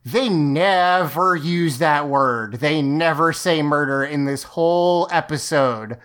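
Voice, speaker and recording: A woman's voice: low-pitched, slow pace. A woman co-hosting a podcast, casually recapping an episode, chatty and often laughing. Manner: chatty, laughs often, restarts lines while explaining. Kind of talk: casual chat.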